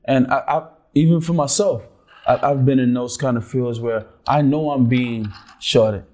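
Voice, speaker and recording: A man's voice: medium pitch, normal speed. A man hosting a casual chat, telling stories animatedly and doubling up words as he gets going. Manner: animated storyteller, repeats words when excited.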